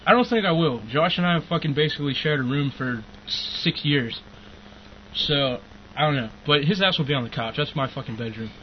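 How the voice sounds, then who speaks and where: High-voiced young man ranting with profanity. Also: lively intonation, a little fast. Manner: profane, rambling, bursts into angry shouting. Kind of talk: casual ranting chat. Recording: muffled lo-fi recording with faint hiss.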